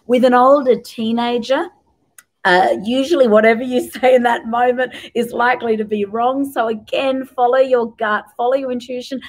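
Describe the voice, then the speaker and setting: A middle-aged woman giving parenting advice to camera in a gentle, reassuring way, laying out tips in short lists. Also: fairly high pitch, low-quality recording. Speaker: parenting educator.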